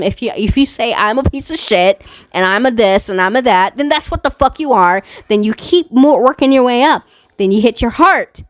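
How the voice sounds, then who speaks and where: A woman doing a casual tarot card reading, reading slowly from a card book and then ranting with heavy swearing. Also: a little high, no echo. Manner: profane, heated ranting with bursts of laughter; slow, deliberate reading aloud.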